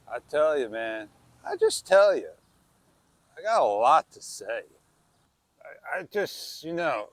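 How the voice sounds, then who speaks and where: A man with a high voice vlogs outdoors on a wireless clip-on mic with no echo. His talk is casual, rambling and exclamatory, often tossing in "man".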